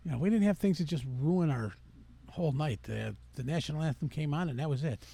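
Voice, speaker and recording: A man's voice: on the high side, expressive, fairly quick, gravelly, dark tone, slightly rough. A man co-hosting a casual podcast, joking crudely and riffing on old commercials. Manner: joking, crude, slips into comic character bits. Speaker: podcast co-host. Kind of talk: casual chat.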